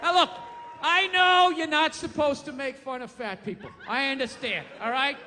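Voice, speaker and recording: A man doing a stand-up comedy set, ranting and mocking loudly, with profane punchlines. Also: extremely high pitch, moderate pace, long reverb tail, a little hiss or hum. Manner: ranting, mocking, loud and profane with acted quotes. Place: comedy stage before an audience.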